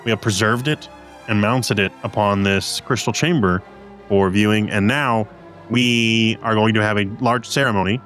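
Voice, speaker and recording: A man plays a ceremonious male insect-folk ambassador in a tabletop game. He speaks formally in a low voice, at times searching for words. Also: fairly bright tone, lightly acted.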